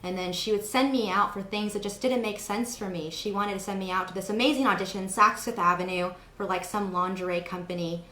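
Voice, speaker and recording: A woman's voice: mid-range voice, fairly even intonation, brisk, hardly any pauses, pushed and bright, reverberant. A young woman hosting an interview, chatting casually and telling stories with lots of fillers. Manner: chatty storytelling with many fillers. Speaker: host.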